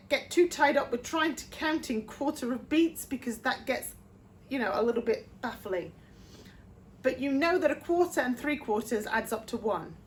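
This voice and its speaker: A woman coaching singers through sheet music, with a fairly high voice. She breaks each rhythm down patiently and now and then sings a short phrase to show it. A faint hiss sits under the recording. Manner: explains slowly, sings short demo phrases. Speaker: vocal coach. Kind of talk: music theory lesson.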